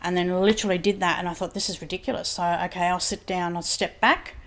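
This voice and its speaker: A woman's voice: on the low side, steady tone, fast talker, a bit bright. A woman, a psychic medium guest in a casual home interview, who rambles and keeps retelling conversations with "he said". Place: home lounge room.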